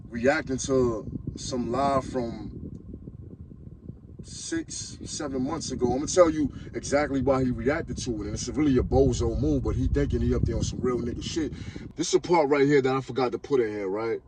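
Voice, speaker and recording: A man's voice: medium pitch, background noise. A man from Harlem, hosting a podcast and delivering a blunt, mocking rant. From Harlem, New York. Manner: blunt, mocking, heated street talk. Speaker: podcast host. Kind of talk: ranting commentary.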